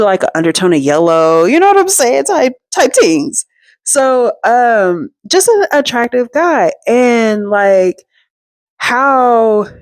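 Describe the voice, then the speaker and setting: A woman spinning a casual storytime for her viewers, slangy and playful, tossing asides straight to the audience. Her voice sits at an ordinary middle pitch, recorded close and dry with no room around it. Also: a little mellow, no room sound. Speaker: storytime vlogger.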